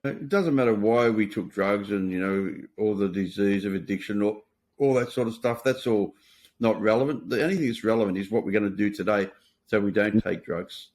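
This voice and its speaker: Blunt man hosting, low voice. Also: fairly quick, darkish tone. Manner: blunt, matter-of-fact, swears freely. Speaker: podcast host. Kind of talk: casual conversation.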